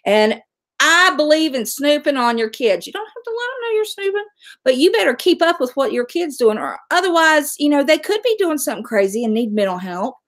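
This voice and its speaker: A woman's voice: high-pitched, sing-song, fairly quick, fairly bright tone. A middle-aged woman, hosting a casual livestream, chatting and answering viewer comments. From West Virginia, USA. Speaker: livestream host.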